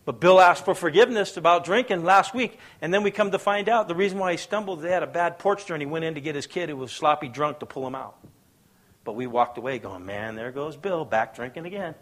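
A man preaching a sermon as pastor, telling stories, acting out quoted voices and asking the crowd if they follow. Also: fairly quick. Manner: storytelling preacher, acts out quoted voices, asks the crowd questions; swings between hushed low asides and loud raised bursts.

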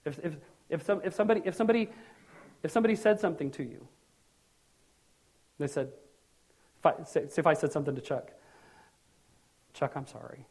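A middle-aged man preaching a sermon as pastor, animated and joking, with sudden loud bursts. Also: fairly high pitch, fast talker, pauses often, slightly rough.

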